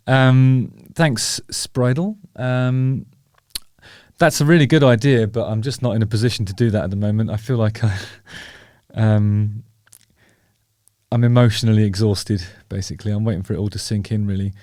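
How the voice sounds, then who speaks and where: Steady and on the low side, a host with a dark tone speaks at a moderate pace in clean studio sound without echo. On his own show he rambles with fillers, chatty, wry and teasing himself in casual talking-head commentary.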